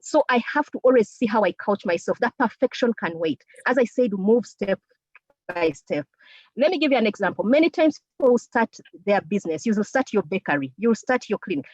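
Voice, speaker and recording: A woman speaking to a women's group as a co-founder and technical officer, lively and animated, laughing often and speaking straight to her listeners. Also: medium pitch, fairly quick, no echo. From Uganda. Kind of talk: motivational talk. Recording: dull lo-fi sound.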